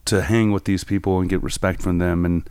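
A man's voice: deep voice, little pitch movement, fairly quick, a little mellow, clear, resonant tone, dry recording, studio quality. A man, a photographer guest, telling rambling anecdotes in casual conversation with many fillers. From New York. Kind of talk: casual storytelling interview.

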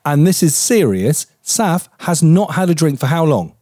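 A man's voice: on the high side, very animated, moderate pace, dark tone, no room sound, clean studio sound. A man in his forties from England, co-hosting a podcast in casual chat, laughing often and swearing freely. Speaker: podcast co-host.

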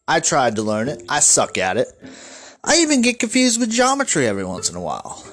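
Angry, swearing man ranting. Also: on the high side. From United States. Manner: angry, swearing constantly, shouting at listeners. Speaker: podcast host. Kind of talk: profane political rant.

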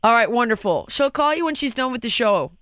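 A woman's voice: fairly high pitch, big pitch swings, a little fast, fairly bright tone, no room sound, clean studio sound. A woman hosting a podcast, talking frankly and swearing freely as she tells stories from her life as a mother. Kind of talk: candid casual podcast chat. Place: podcast studio.

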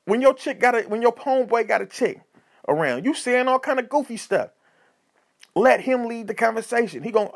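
A man hosting a podcast, giving casual comedic advice in an animated, repetitive, slangy way. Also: very high voice, normal speed, vocal fry. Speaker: podcast host.

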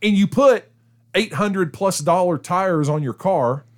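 A man's voice: high-pitched, measured pace. A middle-aged man hosting a radio show, telling a story in casual chat and laughing as he goes. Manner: chatty, laughs through his stories.

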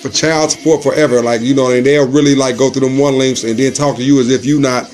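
A man telling stories in a casual chat, loud and animated, acting out the voices of the people in them. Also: medium pitch, fast, faint music behind. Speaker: storyteller in a casual conversation.

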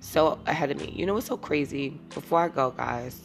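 A woman's voice: deep voice, lively intonation, fairly quick, creaky, soft background music. A woman in her thirties hosting a casual solo podcast, talking candidly and rambling, sometimes teary and emotional. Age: 30s. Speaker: podcast host.

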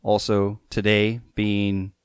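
A man with a slightly low voice chatting loosely on a podcast. He rambles and trips over repeated words. The sound is close and dry. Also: monotone, slow, clean tone, no echo. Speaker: podcast co-host. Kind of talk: casual chat.

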